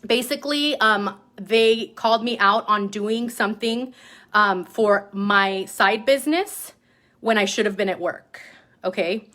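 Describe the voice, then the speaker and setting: A woman talks straight to her team in a loose, lively storytelling voice. Her pitch sits in the middle range for a woman. She fills her sentences with "like" and "right?" and slips into other voices when she quotes people. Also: measured pace. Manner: animated, lots of "like" and "right?". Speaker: direct-sales team leader. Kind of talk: casual motivational storytelling.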